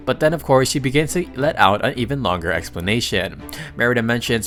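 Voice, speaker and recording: A man's voice: medium pitch, a little fast, fairly bright tone, faint music behind. A man narrating a comic recap in a casual, chatty way, with jokey asides and the odd stumble.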